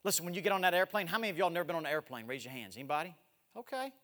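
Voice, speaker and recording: A man in his forties preaching a missionary sermon, swinging from loud exhortation to hushed, drawn-out words. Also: on the high side, animated. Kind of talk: evangelistic sermon with live demonstration. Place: large church sanctuary. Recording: echoey church hall.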